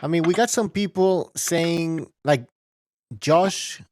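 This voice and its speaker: A man's voice: on the high side, slow pace, noisy background. A man hosting a boxing podcast, loose and joking as he steers the show. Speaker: podcast host. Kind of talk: casual boxing chat, wrapping up show.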